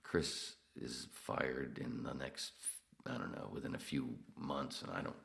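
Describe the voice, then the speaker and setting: A man's voice: rumbling low, steady tone, a little slow, creaky, fairly bright tone. A man hosting his own podcast, telling stories in a rambling, profane, casual way on a live stream. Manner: profane, rambling, self-interrupting. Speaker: podcast host.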